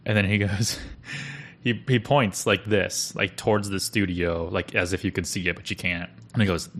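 A man's voice: low voice, fairly even intonation, moderate pace, a bit bright. A young man co-hosting a podcast, telling stories casually and rambling with lots of fillers and restarts. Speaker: podcast co-host. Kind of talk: casual storytelling chat.

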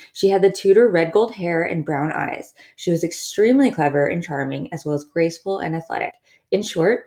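Wry, lower-voiced woman telling history. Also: warm tone. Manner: wry, sarcastic asides. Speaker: history podcast host. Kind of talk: casual scripted history narration.

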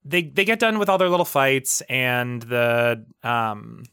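A man's voice: medium pitch, unhurried, pushed and bright, clean tone, dry recording, clean studio sound. A man co-hosting a podcast in casual chat, joking and laughing, often acting out comic characters' lines. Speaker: podcast co-host.

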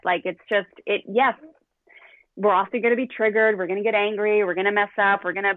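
A woman's voice: mid-range voice, a little fast, no room sound. A middle-aged woman parenting coach telling candid stories in a podcast conversation, acting out what was said. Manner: candid, animated, acts out quotes. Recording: dry, tinny phone-like line.

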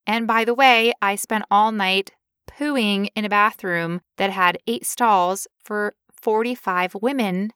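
A woman co-hosting a podcast, wry and emphatic as she talks. Her voice is smooth, crisp and bright, recorded dry and close. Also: medium pitch, takes it slowly, no room sound. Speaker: podcast co-host. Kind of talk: casual podcast chat.

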